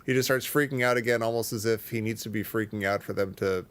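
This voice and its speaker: A man's voice: on the low side, fairly even intonation, quick pace, a bit bright. A man chatting casually as a podcast co-host, joking around and laughing easily. He often trails off and restarts mid-sentence. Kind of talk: casual chat.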